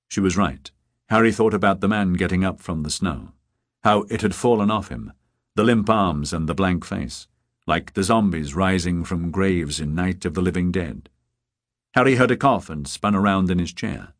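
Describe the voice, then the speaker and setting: A man reads a crime audiobook in a measured, steady way. His voice is low and unhurried. The recording is dry and close, with no room sound. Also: no echo. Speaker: audiobook narrator. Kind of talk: scripted narration.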